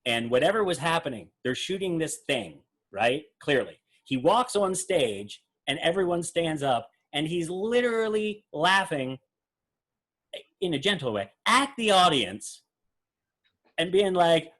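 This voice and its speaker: A man's voice: fairly high pitch, normal speed. A man hosting a casual reaction commentary on a magic act, rambling and acting out quotes with fillers. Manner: animated, rambling, acts out quotes. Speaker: magician host reviewing a performance.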